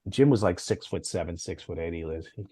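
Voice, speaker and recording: Animated middle-aged man telling stories. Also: sits low, fast talker, husky, no room sound. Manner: animated, acts out quoted dialogue. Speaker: guest, former comics editor. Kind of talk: interview storytelling.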